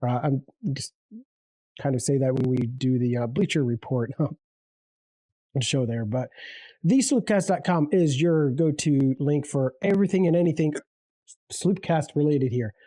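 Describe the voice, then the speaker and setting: A man co-hosting a casual sports picks podcast, easygoing and halting, often repeating his words. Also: mid-range voice, mellow, no echo. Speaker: podcast co-host.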